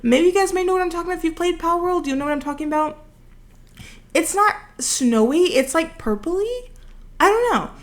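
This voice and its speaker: A woman's voice: very high voice, lively intonation, brisk. A young woman telling a rambling, casual story over her gameplay footage, full of fillers, recorded at home. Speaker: video creator.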